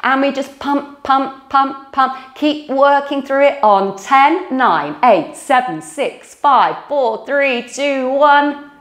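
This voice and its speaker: A woman's voice: high voice, expressive, slow pace. A woman leading an at-home pilates class, counting reps and cueing moves while exercising, slightly out of breath, with a mic close to her mouth. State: a little out of breath. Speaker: pilates instructor. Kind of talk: guided workout instruction. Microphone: microphone close to mouth.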